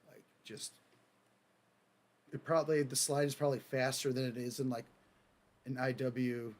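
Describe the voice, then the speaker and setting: A man with a Midwestern American accent, rambling and joking through casual gameplay commentary with sudden loud outbursts. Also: medium pitch, fairly even intonation, moderate pace, a little hiss or hum. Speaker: gaming streamer. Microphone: headset or desk mic. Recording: game gunfire in background. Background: game gunfire.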